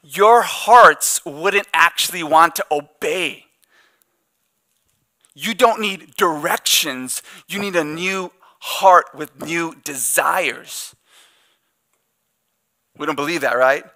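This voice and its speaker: A man delivers a sermon in church with a loose, conversational touch, dropping joking asides as he goes. His voice sits high and sounds very bright and forceful. He talks like he's chatting with the congregation. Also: animated, measured pace. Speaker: pastor.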